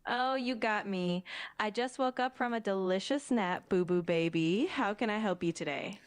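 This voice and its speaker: A woman's AI assistant voice giving polite chatbot answers, with a touch of vocal fry. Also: medium pitch, normal speed, no room sound.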